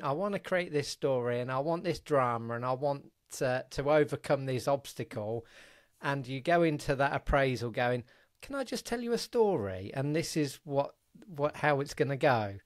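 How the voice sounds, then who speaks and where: A man's voice: mid-range voice, normal speed, no room sound, studio quality. A middle-aged man hosting a podcast, chatting casually and reflecting aloud. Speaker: podcast host. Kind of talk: casual chat.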